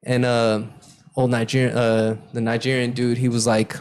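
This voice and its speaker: A man's voice: medium pitch, moderate pace. A young man co-hosting a podcast, chatting casually and telling stories, acting out what people said. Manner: animated, acts out quoted lines loudly. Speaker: podcast co-host. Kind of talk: casual chat, storytelling.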